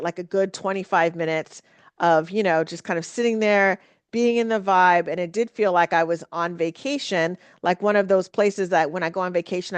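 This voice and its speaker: A woman's voice: medium pitch, dry recording. A woman hosting a casual solo podcast, rambling with lots of fillers and restarts. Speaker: podcast host.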